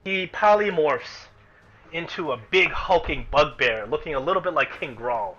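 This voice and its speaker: A man's voice: fairly high pitch, lively intonation, moderate pace, a bit bright, faint music behind. A man narrating a tabletop game as game master, thinking aloud and restarting sentences, in a dull lo-fi recording.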